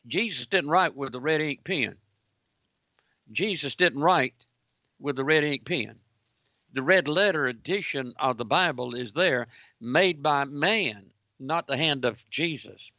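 A man's voice: on the high side, animated, unhurried, bright, forceful tone, dry recording. Indignant man preaching on talk radio. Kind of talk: Christian call-in talk radio. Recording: dull lo-fi broadcast audio.

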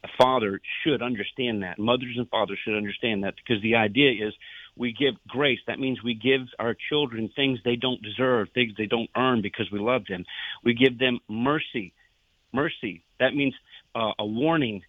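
A man speaks earnestly on Christian talk radio, preaching and telling stories with an ordinary pitch. The sound is tinny and phone-like, with no room in it. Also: moderate pace, no echo. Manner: earnest, preachy storyteller who acts out dialogue. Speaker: guest speaker, former police officer.

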